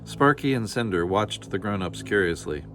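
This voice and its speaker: A man calmly reading a children's picture book aloud in a measured storytelling manner. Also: fairly low pitch, over music. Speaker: storybook reader.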